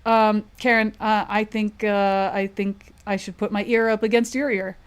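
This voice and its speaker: A woman doing a gentle, reassuring teenage girl. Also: mid-range voice, level tone, normal speed, smooth, close to an everyday voice. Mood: coaxing.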